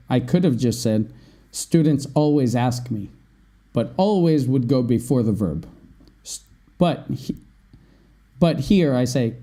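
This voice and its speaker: Male podcast host teaching vocabulary; mellow tone, unhurried delivery. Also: fairly high pitch. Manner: explains slowly, often asks "right?". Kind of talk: vocabulary lesson.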